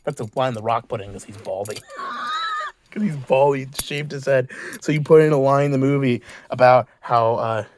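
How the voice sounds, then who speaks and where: A man's voice: mid-range voice, huge pitch swings, normal speed, slight background noise. A man delivering a heated, preachy monologue as a video creator, swearing constantly. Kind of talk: profane ranting monologue.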